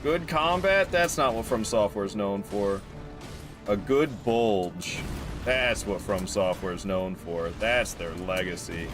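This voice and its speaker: A man giving casual, jokey gameplay commentary, excitable and profane, laughing often. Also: lowish voice, slow pace, over music. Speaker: gaming YouTuber.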